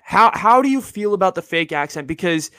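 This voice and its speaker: A man's voice: high voice, animated, a little fast, pushed and bright, smooth, dry recording, clean studio sound. A young man from the Bay Area hosting a podcast in a loose, rambling monologue, repeating himself and filling gaps with "like" and "you know.". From San Francisco Bay Area. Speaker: podcast host. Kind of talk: casual one-sided podcast monologue.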